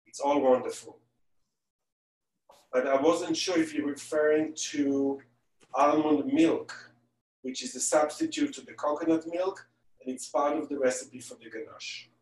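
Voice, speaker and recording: Chatty chef in an echoey kitchen. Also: male voice, on the high side, steady tone, unhurried, darkish tone, slight background noise. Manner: chatty, joking asides while working. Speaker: celebrity pastry chef. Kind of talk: live online baking demonstration. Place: his home kitchen. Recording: echoey kitchen, distant mic.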